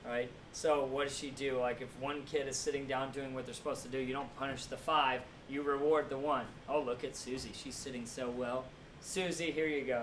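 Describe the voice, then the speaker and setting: A man with a fairly high voice lectures to a classroom and keeps asking "right?" to check that his listeners follow. He sounds far from the mic in an echoey room, with faint noise underneath. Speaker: teacher.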